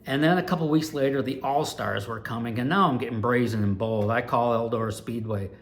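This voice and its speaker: A man in his sixties from Ohio, an animated storyteller recalling his years as a race announcer. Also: mid-range voice, a little fast. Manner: animated, lively storyteller with big swings in loudness. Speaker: retired dirt track race announcer, channel host.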